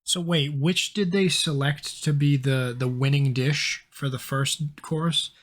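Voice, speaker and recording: A man with a slightly higher voice streams and chats loosely, dropping curses and quick asides as he reacts. His tone is casual and conversational throughout. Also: steady tone, fairly bright tone. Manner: chatty, swearing, quick asides.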